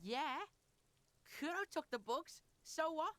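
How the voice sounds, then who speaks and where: A defiant street boy in a video game who swears constantly and names himself in the third person. The voice is high and bright, with a brash edge. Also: lively intonation, slow, exaggerated voice. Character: foul-mouthed defiant street boy Kuno.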